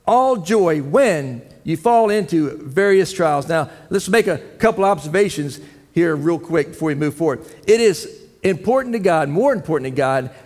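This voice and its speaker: A man preaching a folksy sermon to his church, telling jokes and asking the congregation questions. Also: high voice. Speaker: head elder preaching. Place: church sanctuary. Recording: long church hall reverb.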